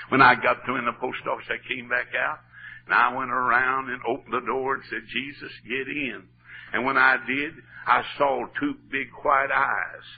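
A man preaching a revival sermon in a church, fervent, dropping to hushed storytelling and rising to shouts. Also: mid-range voice, gravelly. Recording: tinny narrow-band old recording with faint hiss.

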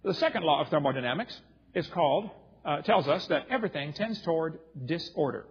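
A man's voice: on the high side, animated, fairly quick, slightly rough, big-room sound. A man giving a humorous lecture to a live audience, telling stories and throwing jokes and asides at the crowd. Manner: jokey storyteller with audience asides. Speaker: seminar speaker. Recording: dull lo-fi recording.

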